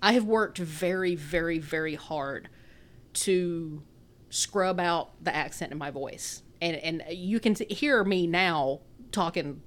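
A woman's voice: fairly low pitch, slow pace. A woman in her thirties with a Texan accent, chatting casually as a podcast co-host, rambling and laughing often. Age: 30s. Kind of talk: casual chat.

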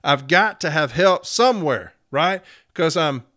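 A man's voice: on the high side, animated, unhurried, pushed and bright. A man telling a story about a workplace confrontation, blunt and profane, acting out both sides of the argument as a union representative. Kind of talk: storytelling monologue.

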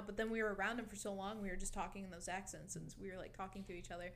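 A young woman in her twenties telling a lively story in casual chat, swearing freely and quoting her friend. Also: medium pitch, quick pace, a little hiss or hum. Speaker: guest storyteller.

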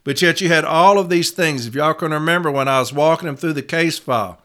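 A man's voice: fairly high pitch, fairly quick, fairly bright tone. A man giving an instructional talk as a union advocate, stressing single words and repeating them.

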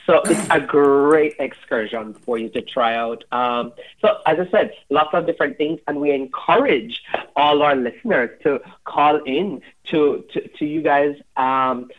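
A man's voice: a little high, unhurried, phone-quality sound. A man from Jamaica, a tourism guest on a radio show, speaking in an upbeat, inviting way. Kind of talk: promotional radio interview.

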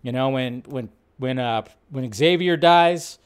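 A man's voice: mid-range voice, slow pace, smooth. Rambling man hosting a live film show. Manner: rambling, restarts sentences, reacts aloud. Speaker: host. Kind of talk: casual live-stream commentary.

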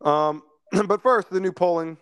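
A man's voice: sits high, a little slow, a bit bright, smooth, no echo. A man hosting a political podcast in casual chat, wry in tone and steering the segments along. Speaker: podcast host.

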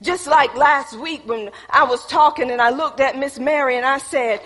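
A woman preacher in the style, delivering a lively call-and-response sermon with playful emphasis. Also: sits high, normal speed, few pauses. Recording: echoey hall with long reverb.

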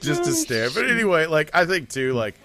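A man's voice: a little high, brisk. A man from the Southeastern US hosting a podcast, chatting casually and swearing freely. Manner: animated, swearing, laughing easily. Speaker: podcast host. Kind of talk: casual chat.

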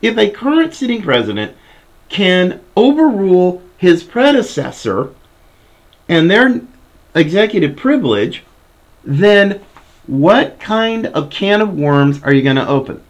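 A man's voice: high-pitched, very animated, a little slow. A man hosting a political commentary show, reading a news article aloud and breaking off with indignant asides. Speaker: podcast host.

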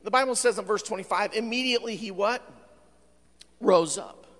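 High-voiced shouting preacher in a reverberant hall. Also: male voice, normal speed. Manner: preaching with frequent "uh" fillers, swinging from shouting to quiet. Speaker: pastor. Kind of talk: sermon.

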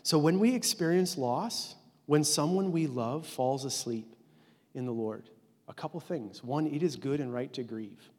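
A man in his forties preaching a conversational sermon as a pastor, earnest and informal, dropping to a hush at tender moments. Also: medium pitch, lively intonation, unhurried. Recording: long hall reverb.

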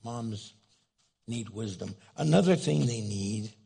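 A man's voice: on the low side, animated, slow, creaky, mellow, breathy edge. An older man preaching a sermon in a humorous, playful storytelling way. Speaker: pastor.

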